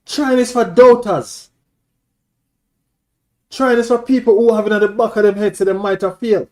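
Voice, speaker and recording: Brief: male streamer, mellow slightly high voice, hammers points home, needles rival fans. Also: steady tone, quick pace. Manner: emphatic, repetitive, taunting rival fans. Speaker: live stream host. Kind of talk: football fan rant on a live stream.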